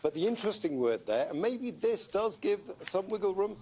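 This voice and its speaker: Measured male TV news correspondent. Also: sits high, sing-song, darkish tone. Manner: measured, explanatory. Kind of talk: live TV news report.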